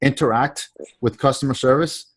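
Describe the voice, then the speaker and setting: A man's voice: medium pitch, steady tone, moderate pace, breathy edge. A man coaching a sales trainee on a video call, talking in a casual, repetitive way and acting out the lines he quotes.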